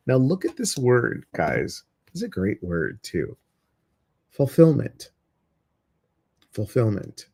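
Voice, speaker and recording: A man hosts a relaxed evening chat with his meditation group. He talks slowly at a middle pitch, rambling along with plenty of fillers. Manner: rambling and chatty, with many fillers. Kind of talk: casual chat to a live audience.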